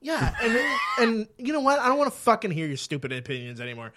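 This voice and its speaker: A man's voice: high voice, sing-song, fast talker, background noise. A man co-hosting a podcast, ranting in casual chat with heavy profanity. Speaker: podcast co-host.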